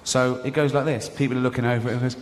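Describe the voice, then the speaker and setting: A man's voice: mid-range voice, very fast, slight background noise. A man doing stand-up, telling a story and acting out the voices of the people in it. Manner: animated, acts out voices, laughs often. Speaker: stand-up comedian. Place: large hall before a live audience. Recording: live hall recording with audience.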